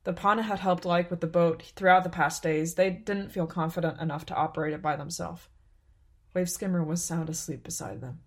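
A woman narrating a story in a calm, unhurried, even way. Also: fairly low pitch. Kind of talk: scripted narration.

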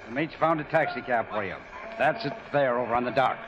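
A man's voice: medium pitch, fairly quick, lightly acted. An actor playing a fatherly ship's captain in a 1950s radio drama, speaking in a reassuring way. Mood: kindly. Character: kindly ship's captain, middle-aged man. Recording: dull old radio broadcast.

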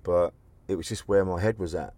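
Middle-aged host with a very deep voice, blunt and sweary, frank storyteller. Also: male voice, a little fast, mellow, husky. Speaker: podcast host. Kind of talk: candid conversation. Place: car park.

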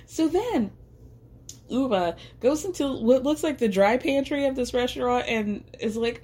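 A woman hosting a podcast recaps a reality show in casual, chatty commentary, saying "like" a lot, asking rhetorical questions and laughing often. Her high-pitched, expressive voice is a little slow with a darkish tone.

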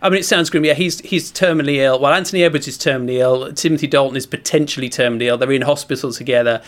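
A man's voice: mid-range voice, very fast. A man from Britain, a sports journalist, telling a rambling, self-deprecating story in casual chat.

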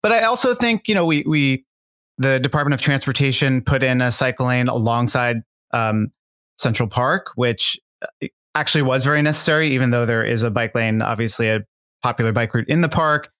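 A man's voice: mid-range voice, a little fast, fairly bright tone. Chatty man rambling through his thoughts. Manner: rambling and thoughtful, many fillers and restarts. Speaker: guest. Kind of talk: casual interview talk.

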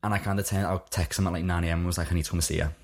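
Husky low-voiced man. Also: fairly even intonation, racing, darkish tone. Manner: chatty, frequent "like" fillers, laughing through anecdotes. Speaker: podcast guest. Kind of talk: candid personal storytelling.

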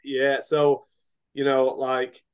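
A man's voice: medium pitch, completely flat delivery, takes it slowly, clean tone, narrow, tinny audio. A middle-aged man, a boxer and coach, talking casually in an interview. He speaks frankly, rambling with many restarts and fillers.

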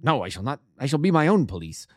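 A man reading the part of a grave, proud male detective, speaking low, quiet and measured with bitter resolve. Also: sing-song, no echo, studio quality. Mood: determined.

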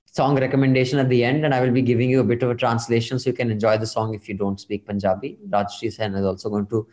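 Mellow-voiced male podcast host, roomy sound. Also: mid-range voice, little pitch movement, fast talker. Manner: chatty, reads emails aloud with asides. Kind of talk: casual podcast chat, reading listener emails.

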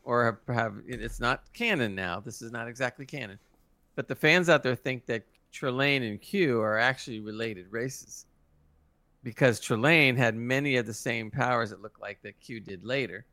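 Bright, dry-voiced man chatting about lore. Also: medium pitch, moderate pace, dry recording. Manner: enthusiastic fan explaining lore, chuckling. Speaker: podcast co-host. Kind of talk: casual chat reviewing a TV episode.

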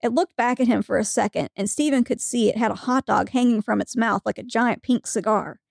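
A woman's voice: fairly high pitch, fairly quick, vocal fry, no echo, studio quality. A woman co-hosting a podcast, reading a funny story aloud with frequent giggles. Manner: giggly storytelling, breaking into laughter. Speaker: podcast co-host.

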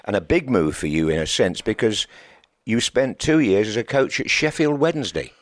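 A man's voice: on the low side, animated, moderate pace, dry recording, studio quality. An older man interviewing his guest, prompting him with questions and shared memories in a friendly way.

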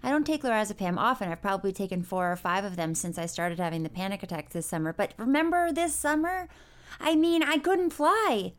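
A woman hosting her own podcast, telling her story in a candid, animated way, with frequent swearing. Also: mid-range voice, fairly quick. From New York State, US. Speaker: podcast host. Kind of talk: casual narration and chat.

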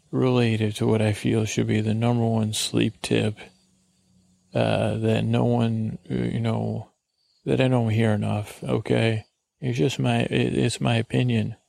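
A man hosting a comedy podcast outdoors by a lake, joking and rambling in an excitable put-on voice. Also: medium pitch, gravelly. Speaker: podcast host.

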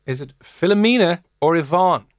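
A man's voice: high voice, animated, dry recording, clean studio sound. Joking Irish man hosting radio. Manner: joking, teasing, quick banter. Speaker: radio host. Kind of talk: casual radio chat.

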